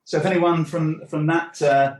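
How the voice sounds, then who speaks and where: Older male guest, higher-pitched, halting delivery thick with fillers. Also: flat delivery. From England, Anglo-Irish background. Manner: hesitant, many fillers and restarts. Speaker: guest comics writer. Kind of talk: casual interview talk.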